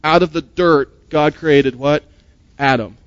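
A man's voice: a little high, slow, smooth, no echo, highs cut off. A man preaching a sermon as a pastor. He speaks emphatically, asks rhetorical questions and often repeats words.

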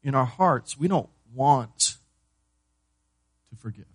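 A pastor preaching a sermon to his church, moving between loud emphasis and hushed, low delivery, and asking the congregation questions he then answers. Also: expressive, takes it slowly, breathy edge, no echo. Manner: asks the congregation questions and answers them himself.

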